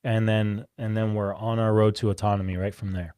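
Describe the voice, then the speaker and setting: A man's voice: on the low side, level tone, a little fast, a little mellow, smooth, no echo, clean studio sound. Easygoing man restating things simply. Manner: joking, simplifying with repetition. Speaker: co-host. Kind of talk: casual Christian talk show discussion.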